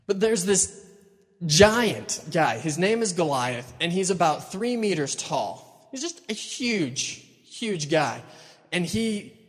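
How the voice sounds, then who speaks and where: A man's voice: high-pitched, sing-song, slow pace. A young man preaching in a chatty, casual way, retelling a Bible story and acting out the quotes. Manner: chatty, uses "like" a lot, acts out quotes. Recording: long hall reverb.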